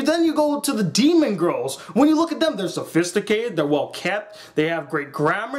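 A young man with a notably high voice talks through a review in a loose, casual way. He is excitable and animated, and he swears freely as he recaps. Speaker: anime reviewer.

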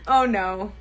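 A young woman livestreaming casually, chatty, giggly and self-deprecating. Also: mid-range voice.

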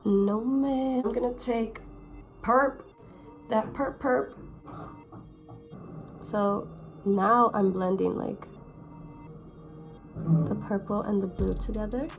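Young female beauty vlogger, hoarse from a cold, casual chatty delivery, music underneath. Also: mid-range voice, fairly even intonation, takes it slowly, pauses often. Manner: chatty, slangy and playful. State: sick, with a hoarse voice. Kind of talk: casual get-ready-with-me chat.

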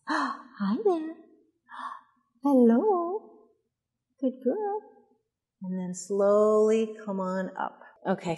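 A woman leading a mother and baby yoga class, giving gentle, soothing cues and cooing at the babies. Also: mid-range voice, long reverb tail. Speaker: yoga instructor. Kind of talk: guided yoga class instruction.

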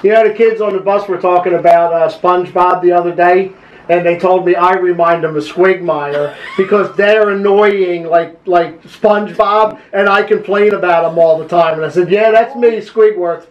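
A man's voice: high voice, steady tone, moderate pace, echoey room, dull audio, a little hiss or hum. An older man, a grandfather, telling an amused story to his family in a wry, easygoing way.

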